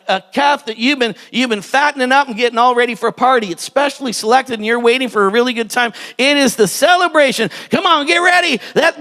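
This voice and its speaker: A high-pitched man preaches with lively, animated delivery, slipping into character voices and rising to shouts at the peaks. His voice rings through a church hall with a long, trailing reverb. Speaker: pastor. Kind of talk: sermon.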